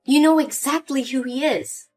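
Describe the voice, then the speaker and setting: A woman's voice: high-pitched, moderate pace, darkish tone, soft background music, lightly acted. Woman voicing a hurt young daughter. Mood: upset. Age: young adult. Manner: pleading and indignant. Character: hurt young adult daughter, pleading and upset. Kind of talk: scripted story voice acting.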